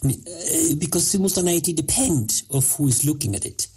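Husky-voiced man explaining with many pauses. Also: on the high side, expressive, dark tone. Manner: halting, many fillers, explanatory. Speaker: physicist guest. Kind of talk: interview answers.

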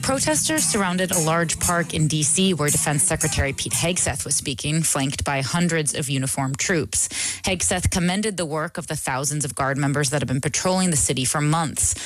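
A woman news reporter delivering a scripted report in a brisk, factual way. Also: low voice, over music, low-quality recording.

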